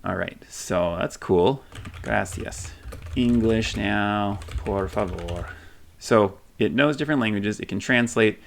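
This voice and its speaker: A man casually demonstrating a chatbot on his computer, thinking aloud, reading replies off the screen, and pausing on frequent ums. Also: lowish voice, vocal fry, a little hiss or hum. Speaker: tech video host. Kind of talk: casual screen-recorded demo.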